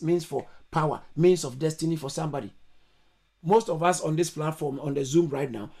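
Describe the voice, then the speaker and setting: A male pastor preaching a sermon to an online church service, emphatic, repeating his phrases and breaking into sudden high exclamations. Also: warm tone. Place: online church service over video call.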